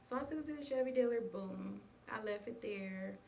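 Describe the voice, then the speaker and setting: Speaking at a normal speed in a mid-range, creaky voice with a darkish tone, a young vlogger casually tells her viewers a story and addresses them as y'all. The mic is distant, with faint background noise.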